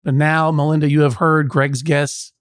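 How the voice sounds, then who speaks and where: Male podcast judge, slightly high voice, dry studio sound, wry rambling banter. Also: little pitch movement, moderate pace, clear, resonant tone, no echo. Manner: wry, playful, rambling asides. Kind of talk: comic courtroom banter.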